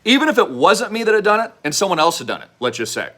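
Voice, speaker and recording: A man delivering a fervent, preachy direct-to-camera investment pitch, repeating slogans and at times shouting them. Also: big pitch swings, quick pace, hardly any pauses. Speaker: online show host pitching an investment project.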